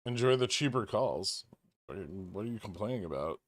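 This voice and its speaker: A man's voice: on the low side, expressive, a little fast, no room sound. A man hosting a trading livestream, reading viewer questions and answering them in an offhand, wry way, thinking aloud. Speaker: stock trading livestream host.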